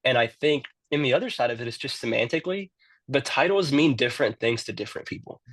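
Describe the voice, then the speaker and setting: A man's voice: medium pitch, expressive, fast talker, a bit bright, dry recording. A man who works in youth ministry, telling his story in a casual interview and often repeating words as he starts a sentence.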